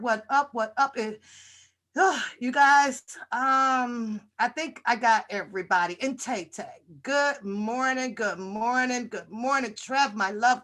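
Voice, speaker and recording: A woman's voice: high-pitched, a bit bright. A woman hosting a casual livestream, greeting viewers one by one and joking in a brash, profane way. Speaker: livestream host.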